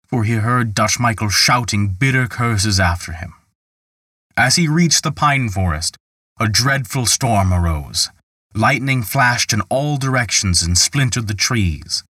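A man narrating a folk tale in a measured, calm storytelling manner. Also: on the low side, no echo, clean studio sound, distant mic.

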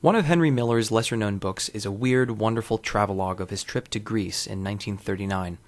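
Brief: male host, lowish voice, dry wordy scripted narration. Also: fairly quick, over music. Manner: wry, wordy, deadpan. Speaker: podcast host.

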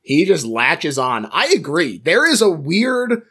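A man's voice: fairly high pitch, sing-song, a little slow, bright, forceful tone, breathy edge. A man hosting a podcast, recapping a film's plot playfully and laughing at his own jokes. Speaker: podcast host. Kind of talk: plot recap and casual chat.

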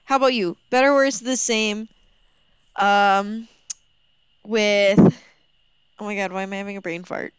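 A young woman co-hosting a podcast in casual movie chat, giggly and animated, with big pitch swings. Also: a little slow, long pauses, clean tone, dry recording, muffled recording. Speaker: podcast co-host.

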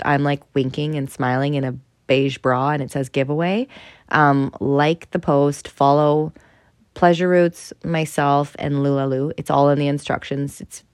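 A woman's voice: deep voice, dry recording, clean studio sound. A young adult woman hosting a podcast, chatting casually and enthusiastically as she signs off, swearing freely and padding her talk with fillers. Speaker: podcast host. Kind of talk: casual podcast sign-off and promo.

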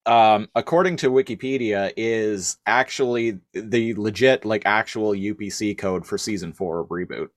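A man co-hosting a casual podcast chat, talking in a halting way with lots of fillers, restarts and laughter. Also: fairly low pitch, no echo, studio quality. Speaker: podcast co-host.

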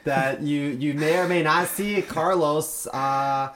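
A man's voice: fairly high pitch, takes it slowly, a bit bright, a little hiss or hum. Teasing young male podcast co-host. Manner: teasing, playful. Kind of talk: casual chat.

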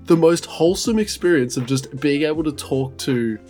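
A man's voice: on the high side, normal speed, darkish tone, faint music behind. A young man, co-hosting a casual podcast in a laid-back, sweary way. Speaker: podcast co-host. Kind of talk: casual chat.

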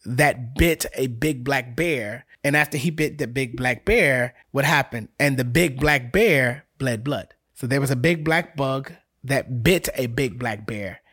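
A man's voice: medium pitch, measured pace, few pauses, a bit bright, breathy edge. A man, a guest acting coach, talking casually in an interview and coaching by repetition.

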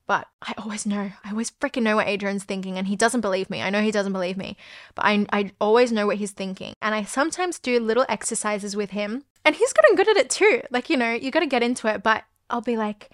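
A woman's voice: medium pitch, fast, dry recording. Chatty young woman, dry sound. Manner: chatty, heavy use of "like", candid and swearing. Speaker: podcast host. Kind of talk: casual personal storytelling.

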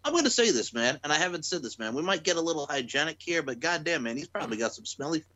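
A man's voice: on the high side, sing-song, fast, pushed and bright, low-quality recording. Joking man on a wrestling podcast. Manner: crude, joking, laughs often. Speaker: podcast co-host. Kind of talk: casual wrestling chat.

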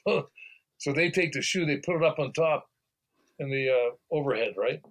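Older man, halting storyteller. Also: a little high, fairly bright tone, poor audio. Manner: halting, repeats words, laughs while telling stories. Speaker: podcast guest. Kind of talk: casual interview chat.

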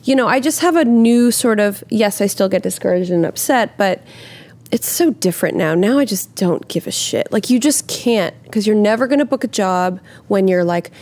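Animated, swearing young actress chatting. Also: female voice, medium pitch, normal speed. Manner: animated, swearing, acts out quotes in lively voices. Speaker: actress, podcast guest. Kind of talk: casual chat.

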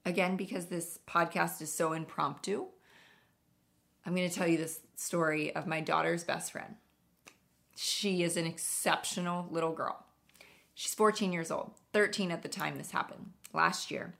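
A woman's voice: on the low side, steady tone, moderate pace, gravelly, fairly bright tone. A woman podcast host telling stories in an earnest, emphatic, conversational way. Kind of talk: casual storytelling monologue.

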